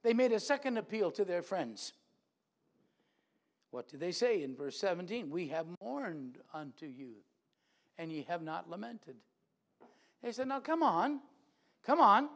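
Man, preacher, high voice, sermon, animated, acts out voices. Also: unhurried, gravelly, pauses often. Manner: animated, acts out quoted voices with big swings in loudness. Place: church.

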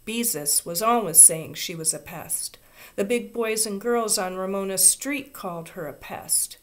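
A woman reading a children's chapter book aloud in a soft, expressive, unhurried voice. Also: mid-range voice. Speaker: reader. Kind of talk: storybook read-aloud.

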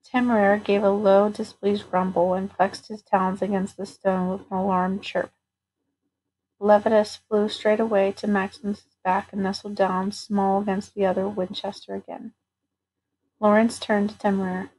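A woman narrating a novel aloud at a steady, even pace. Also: medium pitch, moderate pace, slight background noise, rough recording. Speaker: audiobook reader.

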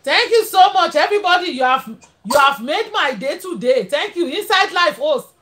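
High, lively Nigerian woman streamer. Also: normal speed. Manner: chatty, laughs often, switches into pidgin. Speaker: livestream host. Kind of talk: casual live-stream chat.

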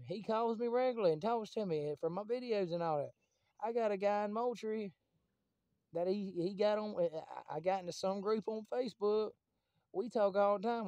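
A talkative man with a high but mellow voice, rambling to his followers. He swears freely and drifts from one thing to the next, recorded dry and close. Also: no echo, highs cut off. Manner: rambling, profane and chatty. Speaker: vlogger. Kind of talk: casual rambling monologue to camera.

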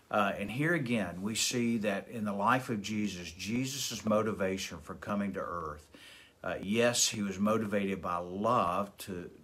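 A man with a lowish voice gives a daily Bible devotional. He reads scripture aloud, then explains it steadily, pausing on fillers and restarting phrases as he thinks. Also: fairly bright tone. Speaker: pastor.

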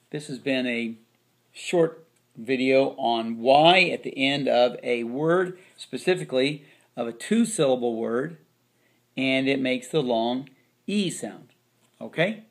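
A male teacher talks children through a phonics lesson at an unhurried pace. He stretches out each syllable as he sounds words out. His voice sits at an ordinary middle pitch. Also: creaky. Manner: slow, drawn-out sounding of word parts.

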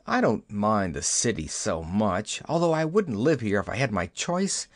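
A man's voice: on the low side, very animated, moderate pace, voice pushed down. A man reading an audiobook, voicing a self-pitying male rabbit king who talks in a mournful, complaining way.

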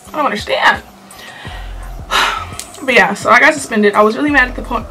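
A teenage girl talking straight to her camera with sass and lots of slang. Her voice is high and bright, with a forceful edge, and faint music plays behind her. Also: a little fast, long pauses. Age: teens. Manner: animated, sassy storytelling with slang. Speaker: vlogger. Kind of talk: storytime vlog.

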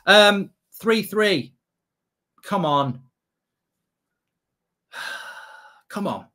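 A man giving excitable, sweary live reaction commentary as a streamer, half talking to himself. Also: high-pitched, extremely slow.

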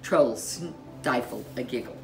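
A woman reading a children's storybook aloud as narrator, in an expressive, unhurried way. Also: very deep voice, faint music behind.

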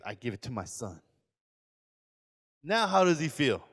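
Animated pastor in a reverberant hall. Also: male voice, medium pitch, fairly quick. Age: 40s. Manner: animated, acts out quoted voices, asks audience questions. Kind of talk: sermon lecture.

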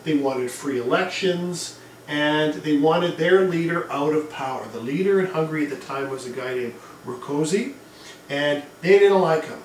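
Lecturing a class on history in an easygoing style, this man drifts into asides and uses fillers as he talks. He speaks at a moderate pace in a voice on the high side, with slight background noise, captured by a distant mic in an echoey room.

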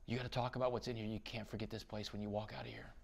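A man's voice: lowish voice, level tone, very fast, gravelly. A man voicing his former cellmate, an earnest man urging him not to forget prison. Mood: urgent.

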